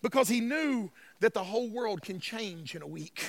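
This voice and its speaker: A male pastor preaching a sermon, swinging from shouted declarations to hushed passages and calling out to the congregation. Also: high-pitched, expressive, moderate pace, creaky, no room sound. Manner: calls to the congregation, y'all. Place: church sanctuary.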